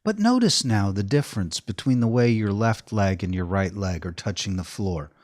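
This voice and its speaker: A man leads a guided body-awareness lesson, giving calm step-by-step directions. His pitch rises and falls in a lively, melodic way, and the recording sounds close and dry. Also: normal speed, no room sound. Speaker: movement instructor.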